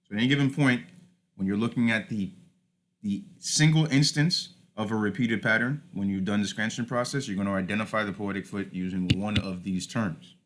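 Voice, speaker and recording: A man's voice: lowish voice, fairly even intonation, brisk. A man teaching a class over slides, explaining step by step with frequent "all right" and "uh" fillers. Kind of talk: recorded lecture over slides.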